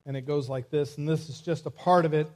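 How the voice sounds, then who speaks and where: A man preaching a sermon as a church pastor, reading scripture and speaking to his congregation in a measured way. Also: on the high side, steady tone, darkish tone. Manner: preaching with rising intensity, measured pacing.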